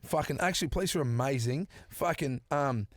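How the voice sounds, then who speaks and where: A man's voice: medium pitch, a little fast, dry recording, studio quality. An Australian man telling a long story in casual podcast chat, swearing freely and acting out the people in it. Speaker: podcast guest.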